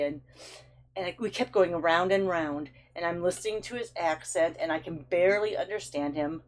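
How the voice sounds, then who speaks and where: A woman's voice: lowish voice, a little fast. A woman hosting her own vlog, telling a long frustrated story in a chatty, storytelling way with big swings in her voice. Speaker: stamping craft channel host. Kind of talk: casual vlog chat.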